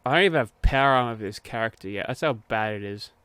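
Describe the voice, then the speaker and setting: A man's voice: mid-range voice, fast, bright, forceful tone, clean tone, dry recording. A man streaming a game, giving casual commentary while he mutters, grumbles and swears.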